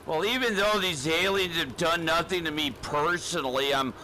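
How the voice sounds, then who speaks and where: A man's voice: fairly high pitch, moderate pace, sharp tone, slight background noise, rough recording. A man playing a timid, whiny recruit in a comedy spoof, stammering and pleading nervously.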